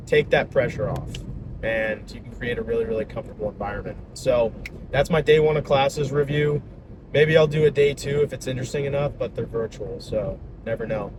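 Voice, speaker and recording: A man's voice: mid-range voice, brisk. A young man chatting casually in an upbeat, slangy, rambling way, talking straight to his viewers. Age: young adult. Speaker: vlogger and salesman. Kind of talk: casual vlog chat. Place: outdoors by a road. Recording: outdoor traffic noise.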